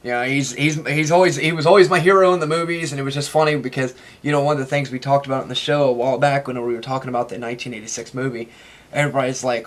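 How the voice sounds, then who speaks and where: A young man talking in a casual interview, excitable and rambling, with lots of restarts. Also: mid-range voice, racing. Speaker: interviewee, toy collector.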